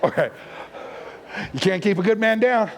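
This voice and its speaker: A guest preacher with a high voice and lively intonation teaches a live church audience at normal speed. He's playful and full of puns, performing different voices as he delivers his sermon, and the church hall adds a long reverb.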